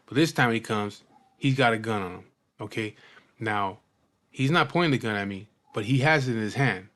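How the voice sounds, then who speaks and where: A man telling a personal story in casual talk, rough and profane, often repeating and restarting his words. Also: on the low side, moderate pace, a bit bright.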